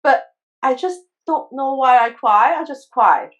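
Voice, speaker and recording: A woman tells a heartfelt personal story as an interview guest, in a fairly high voice. She talks earnestly, with plenty of halting restarts and trailing phrases. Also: expressive, fairly bright tone, dull audio. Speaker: guest, crystal healer.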